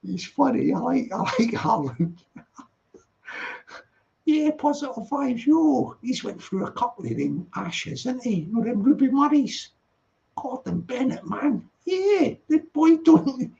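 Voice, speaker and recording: A man's voice: high voice, creaky, darkish tone, lo-fi sound. A man hosting a casual late-night live stream, reading out chat messages, teasing and laughing often.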